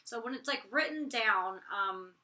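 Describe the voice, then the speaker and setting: A young woman with a raspy voice, chatting bluntly and casually about her own reality TV episode, full of slang and mild swearing. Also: on the high side, lively intonation, unhurried, sharp tone. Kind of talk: casual vlog commentary.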